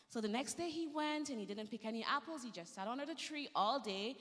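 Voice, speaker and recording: Bright woman telling kids a church story. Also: on the high side, fairly quick, big-room sound. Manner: gentle, lively storytelling to children. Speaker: children's story presenter. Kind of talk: children's story at a church service. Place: church sanctuary.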